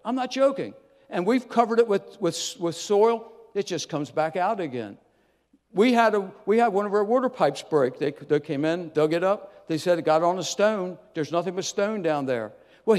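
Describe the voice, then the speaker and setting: A man's voice: high-pitched, long reverb tail. A man preaching a sermon as pastor, folksy and emphatic, repeating key phrases for effect. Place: church.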